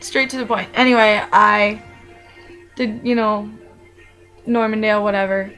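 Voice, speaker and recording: A woman's voice: medium pitch, level tone, a little slow, fairly bright tone, faint music behind, poor audio. A young adult woman talking casually about her own life, rambling and chatty with many fillers and restarts. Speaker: vlogger. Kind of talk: casual personal monologue.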